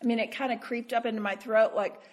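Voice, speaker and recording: A woman teaching a sermon to women, animated and self-deprecating, laughing often as she talks. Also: on the high side, quick pace.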